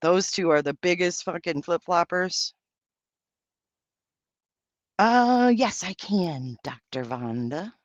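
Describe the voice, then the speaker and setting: A man's voice: high-pitched, animated, slow pace, long pauses, no echo, muffled recording. A man hosting a livestream, reading out and answering viewer comments in brash, profane, campy banter. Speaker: livestream host.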